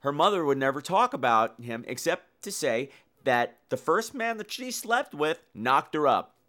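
Man, podcast host, campy film recap, lively swooping pitch. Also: moderate pace. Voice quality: campy, animated storytelling with acted-out voices. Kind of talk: casual film review podcast.

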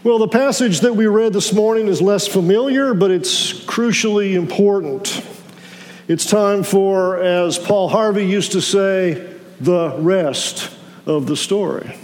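Man, pastor, sermon, halting restarts, high-pitched, echoing sanctuary. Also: darkish tone. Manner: measured preaching with halting restarts.

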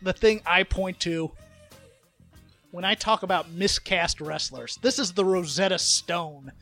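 Bright high-voiced man chatting. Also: unhurried, soft background music. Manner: rambling, animated, mocking impressions. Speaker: podcast co-host. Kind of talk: casual chat.

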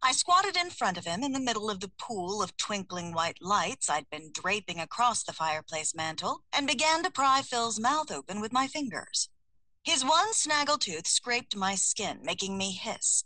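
Woman audiobook narrator, first-person, comic timing, fairly high voice, dry studio sound. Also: unhurried, dry recording, rough recording. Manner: lively, expressive, comic timing.

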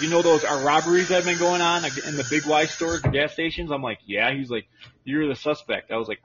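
A man's voice: a little high, fairly quick, lo-fi sound, noisy background. Profane guy telling a story. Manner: profane, storytelling, acts out quotes. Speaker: podcast co-host. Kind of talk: crude comedy podcast banter.

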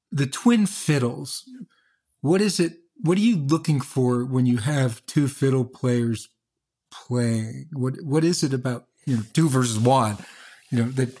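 A man's voice: medium pitch, darkish tone. Curious male interviewer. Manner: curious, searching, rephrases questions. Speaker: interview host. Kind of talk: interview questions.

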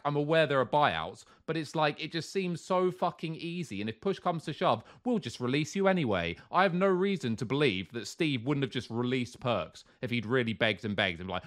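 A man's voice: medium pitch, brisk, few pauses. A man on a podcast, ranting heatedly, swearing and mimicking other people's voices. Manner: animated, swearing, mock-quoting others in put-on voices. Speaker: co-host. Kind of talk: heated casual podcast rant.

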